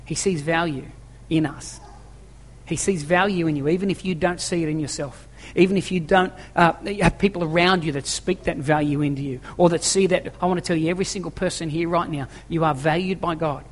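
Speaking briskly, with fairly even intonation and a slightly high pitch, a pastor addresses his congregation in a church hall. The sermon is emphatic, built on repeated key phrases and rhetorical questions, and it echoes with long reverb.

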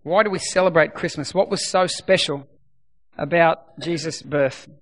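A man's voice: a little high, moderate pace. A middle-aged man preaching a sermon in an earnest, conversational way, often repeating phrases for emphasis. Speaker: pastor.

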